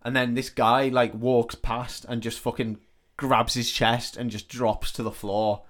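A man's voice: mid-range voice, level tone, unhurried, fairly bright tone. A man co-hosting a podcast, telling a film's plot in casual, sweary storytelling and acting out the characters. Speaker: podcast co-host. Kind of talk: casual comedic film recap.

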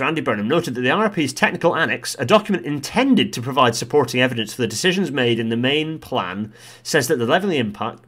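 A man doing an impression of a northern English male politician with a Yorkshire accent and a low, measured reading voice. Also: a bit bright.

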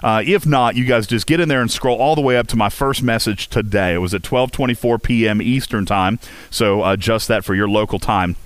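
A man's voice: on the low side, fairly quick, dry recording. A man hosting a game community voice chat, talking casually with lots of fillers, restarts and jokes. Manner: chatty, jokey, heavy fillers and restarts. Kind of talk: casual rambling talk to listeners.

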